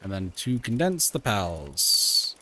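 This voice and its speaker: A man's voice: fairly low pitch, sing-song, takes it slowly, bright, forceful tone. A man streaming a game, chatting to himself and talking to the creatures he catches. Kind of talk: casual gaming livestream.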